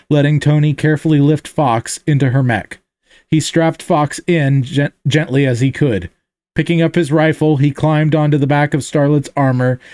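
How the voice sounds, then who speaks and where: A man reading his own action story aloud in an online chat, steady but often correcting himself mid-line. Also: fairly high pitch, dry recording, studio quality.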